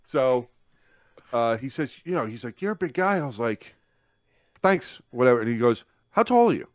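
A podcast co-host tells a long story over casual chat in a mid-range male voice at normal speed, recorded at studio quality with no room sound. He's an animated storyteller who swears freely and acts out what people said.

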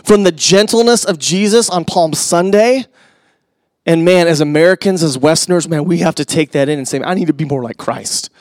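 Speaking on the high side at a moderate pace, a middle-aged pastor preaches conversationally with asides to the congregation. His delivery swings from loud emphasis to hushed near-whispers, with no echo around him.

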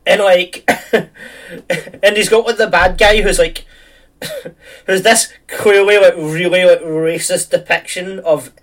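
A man's voice: sits high, fairly even intonation, slow, recorded from a distance. A man chatting casually, rambling through a film plot with lots of fillers and restarts.

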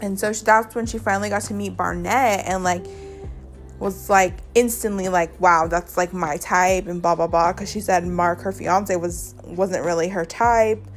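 A woman's voice: mid-range voice, steady tone, moderate pace, soft background music. Chatty gossiping woman podcast host. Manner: chatty, gossipy recap with fillers and quoted reactions. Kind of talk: casual chat.

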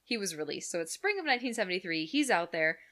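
Woman co-host, bright and forceful, chatty and profane, spins a true crime tale. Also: on the low side, sing-song, fast talker. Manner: chatty, profane, jokey storyteller. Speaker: podcast co-host telling a true crime story. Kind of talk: casual chat.

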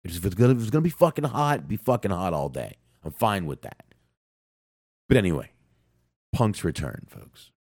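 A man co-hosting a casual wrestling podcast, talking profanely and excitably while he has a sinus cold. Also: deep voice, moderate pace, pauses often, no room sound, clean studio sound. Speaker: podcast co-host.

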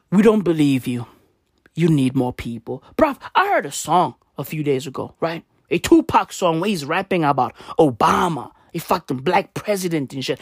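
A woman doing a profane comedic rant, full of slang, swinging from loud outbursts to low mutters. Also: very animated, normal speed, slightly rough, dry recording, clean studio sound. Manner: swears constantly, slangy, swings between shouting and muttering.

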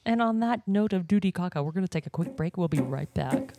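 A woman's voice: fairly low pitch, expressive, brisk, loud music behind the voice. A woman co-hosting a podcast, playfully announcing breaks and segments in casual chat. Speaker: podcast co-host.

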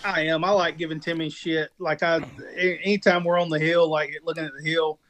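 A man with a fairly high voice, co-hosting a relaxed chat. He is easygoing and agreeable and laughs along often. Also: fairly quick. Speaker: podcast co-host. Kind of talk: casual chat about off-road racing.

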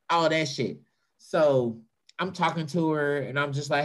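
Fast-talking guy telling a crude story, mid-high voice, jumps way up when he does other people. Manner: animated, profane, mimics voices in a high pitch. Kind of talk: stand-up storytelling.

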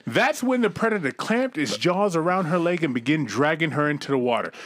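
A man's voice: on the high side, very animated, a little fast, a bit bright, dry recording. A man co-hosting a casual chat, reading out a news story and riffing on it with profane, mock-dramatic asides. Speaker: podcast co-host.

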